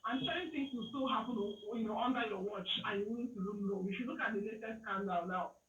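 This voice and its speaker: A man from Nigeria calling in to a talk show, giving calm advice and often asking "you understand". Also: high-pitched, fast talker, roomy sound, muffled recording. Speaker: caller. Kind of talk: phone-in opinion.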